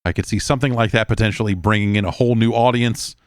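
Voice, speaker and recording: A man's voice: lowish voice, steady tone, quick pace, clear, resonant tone, no room sound, studio quality. A middle-aged man hosting a podcast, reading listener mail and rambling in casual chat, stammering and swearing as he talks. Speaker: podcast host.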